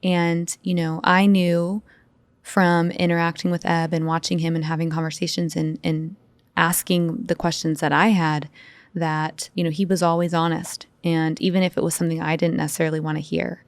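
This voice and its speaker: Chatty woman, animated guest storyteller. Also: lowish voice, moderate pace, no room sound. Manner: open, animated storytelling with many fillers. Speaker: podcast guest. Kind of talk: casual interview conversation.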